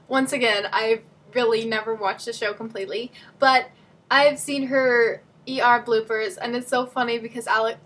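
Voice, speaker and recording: A woman's voice: on the high side, fairly bright tone. A young woman talking casually as a fan vlogger, rambling with lots of fillers and restarts. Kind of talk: casual chat.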